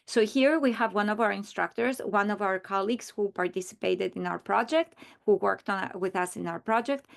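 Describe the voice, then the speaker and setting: A woman's voice: medium pitch, gravelly. A woman training teachers in a recorded presentation, explaining earnestly and often restarting her sentences.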